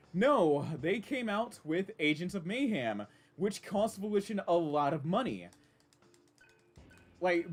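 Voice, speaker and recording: A man casually chatting while streaming a game, rambling and reacting with many restarts. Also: a little high. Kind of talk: casual live-stream commentary.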